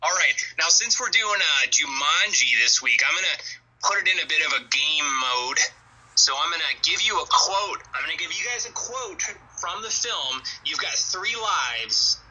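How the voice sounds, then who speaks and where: A man's voice: on the high side, expressive, sharp tone, slightly rough, rough recording. A man hosting a podcast, running a playful movie quiz in casual chat. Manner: playful, drawn-out game-show delivery.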